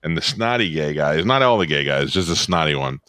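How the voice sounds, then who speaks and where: Man, very deep voice, dry sound, blunt profane storyteller, comedy podcast. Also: lively intonation, a little fast, bright, forceful tone, smooth, dry recording. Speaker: podcast co-host. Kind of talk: casual comedy chat.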